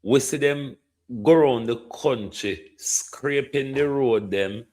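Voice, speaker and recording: Man, Jamaican accent, indignant commentary, slow delivery, mixes patois. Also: medium pitch, a little mellow. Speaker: political commentator. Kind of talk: opinion commentary.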